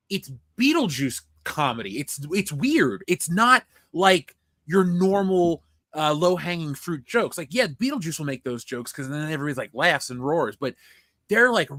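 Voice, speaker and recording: A young man in a casual film review chat, rambling with an excitable, swearing energy. His voice sits a little high and sounds bright and forceful. The sound is dry and close, with no room echo. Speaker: podcast co-host.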